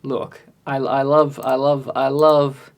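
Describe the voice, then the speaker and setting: A man's voice: medium pitch, level tone, takes it slowly, vocal fry. A man live-streaming a music recording session, thinking aloud and chatting with viewers in a self-deprecating way. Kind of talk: casual live-stream chat.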